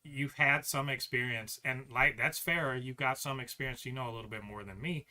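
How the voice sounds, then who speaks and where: A man co-hosting a podcast, ranting in a profane, animated way with lots of restarts. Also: medium pitch, a little fast. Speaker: podcast co-host. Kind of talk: casual podcast chat.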